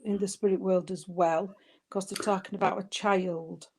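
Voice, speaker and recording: A woman, working as a spiritualist medium and giving a spirit reading at a service. She talks gently and soothingly, calling the listener sweetheart and darling, and often stops and restarts her sentences. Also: mid-range voice, flat delivery, normal speed, breathy edge. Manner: hesitant, with frequent restarts.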